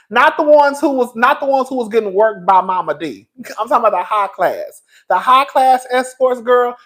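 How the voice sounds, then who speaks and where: On a gossip livestream, a male host with a very high-pitched, fairly bright voice offers commentary, laughing often and stretching out his words. The audio quality is poor.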